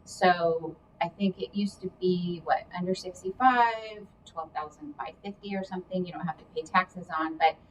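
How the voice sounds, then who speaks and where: A woman's voice: fairly low pitch, normal speed, hardly any pauses. Chatty woman, distant mic. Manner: chatty, explanatory, hedges with asides. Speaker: career coach guest. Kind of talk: casual advice chat. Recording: distant mic with faint background noise.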